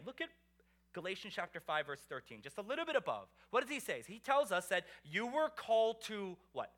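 A man preaching a sermon as pastor, animated and conversational, asking the congregation rhetorical questions. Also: sits high.

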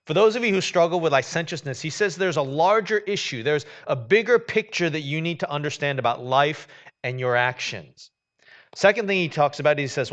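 Conversational male pastor preaching, lo-fi. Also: medium pitch. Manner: conversational preaching with many fillers and restarts. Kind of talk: sermon.

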